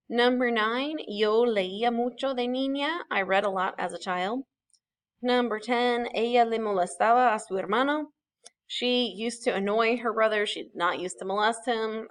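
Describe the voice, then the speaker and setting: A woman talks through a recorded classroom lesson at an ordinary pitch. She explains patiently, step by step, and corrects herself as she goes, with the odd "um" along the way. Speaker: Spanish teacher.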